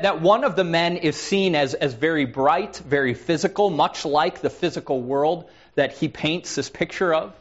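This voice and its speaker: Man, preacher, sermon, earnest, repeats words, slightly high voice, dull recording. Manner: earnest, repeats words when starting phrases.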